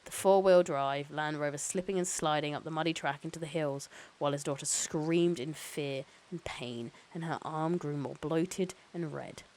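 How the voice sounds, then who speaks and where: A woman streamer reads a novel aloud to her chat, her voice a little lower than most. She narrates steadily and drops into casual, sometimes sweary asides. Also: normal speed, hardly any pauses, darkish tone, rough recording.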